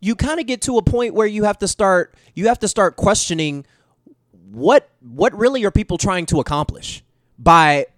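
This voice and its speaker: Casual podcast co-host, male, slightly high, rambling and animated; dry mic. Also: normal speed, no room sound. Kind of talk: casual chat.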